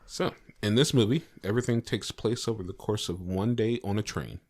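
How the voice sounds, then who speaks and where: A man hosting a podcast quiz segment, reading a movie clue with playful dramatic pauses. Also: fairly low pitch, a little mellow.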